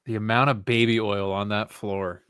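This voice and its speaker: Joking co-host with a low voice. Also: male voice, steady tone, moderate pace, fairly bright tone, clear, resonant tone, no echo, studio quality. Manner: joking and laughing often. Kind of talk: casual movie commentary chat.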